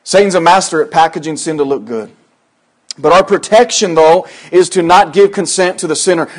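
A high-pitched man delivers a sermon. He talks to the congregation casually with asides, then builds to loud, fervent exhortation. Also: animated, a little fast. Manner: swings from soft and low to loud, high exhortation; conversational, folksy preaching with asides. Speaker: preacher.

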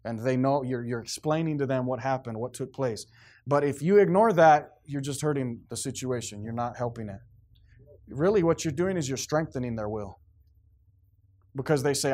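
A man's voice: medium pitch, normal speed, darkish tone. A man preaching a sermon in a stern, emphatic, plainspoken way, repeating phrases to drive his points home.

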